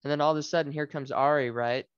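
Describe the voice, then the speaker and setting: A man's voice: a little high, steady tone, quick pace, smooth, no room sound, lo-fi sound. A man co-hosting a book podcast, talking earnestly and with feeling, stumbling and repeating words. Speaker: podcast co-host. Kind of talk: casual book discussion.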